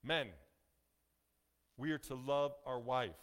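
A male pastor preaching a sermon in a folksy, joking way, slowing down to stress key phrases. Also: medium pitch, fairly even intonation, a bit bright, clear, resonant tone. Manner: folksy, joking asides to the congregation; emphatic, slows down on key phrases.

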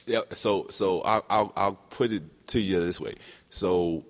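A man with a very low voice hosts a podcast and tells stories from his youth, lively and animated, slipping into the voices of the people he quotes. His voice carries a long reverberant tail, as if the room were large and hard. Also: a little slow. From New Jersey. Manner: animated storyteller who acts out quotes. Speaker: podcast host. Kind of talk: casual reminiscing chat.

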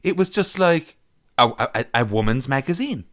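A man's voice: mid-range voice, sing-song, normal speed, a bit bright. A man telling a story in casual podcast banter, swearing freely and laughing. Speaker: podcast co-host.

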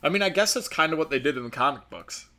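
A man's voice: a little high, animated, quick pace, pushed and bright. Sarcastic, profane man ranting about a movie. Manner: profane, sarcastic, mocking impressions. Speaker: movie reviewer. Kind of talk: casual rant.

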